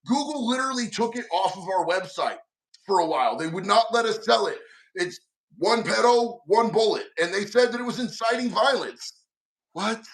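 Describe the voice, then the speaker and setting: A man's voice: sits high, gravelly, a bit bright. A middle-aged man hosting a casual livestream, chatting and reading out viewer comments in a slangy, affectionate way that calls people homie and dog. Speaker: livestream host. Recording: mic set far from the speaker.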